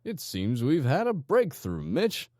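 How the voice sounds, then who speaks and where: A calm, menacing gang leader talks in a slow, coaxing way, as a male narrator voices him. The voice sits higher than the narrator's deep natural tone and keeps a lively lilt. The recording is dry and close. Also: no echo, exaggerated voice. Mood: calm menace.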